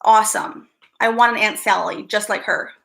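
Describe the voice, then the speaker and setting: A woman's voice: mid-range voice, moderate pace, creaky, fairly bright tone. A woman hosting a casual live stream, chatting with her viewers, giggly and easily distracted. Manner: giggly, easily distracted, greets chat by name.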